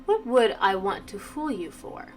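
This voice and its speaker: A woman voicing a creepy, insolent masked man in a slow, mocking drawl while playing a story game. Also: mid-range voice, very animated, a little mellow, faint music behind.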